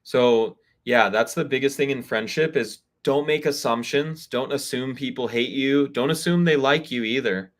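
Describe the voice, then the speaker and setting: This spiritual reader and community host leads a live online call via video, offering frank, conversational friendship advice and performing bits of dialogue. He speaks at a normal speed and medium pitch with hardly any pauses.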